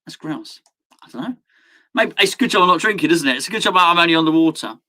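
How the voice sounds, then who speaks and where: Fast, expressive, and fairly high in pitch, his voice sounds pushed and bright as he hosts a live football watchalong. He chats loosely with the audience, reads their comments, laughs often, and lets out abrupt outbursts.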